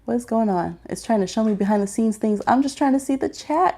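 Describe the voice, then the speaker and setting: A woman's voice: fairly high pitch, brisk, warm tone. A woman hosting a live-stream tarot reading, chatting casually with many fillers while she reads the chat aloud.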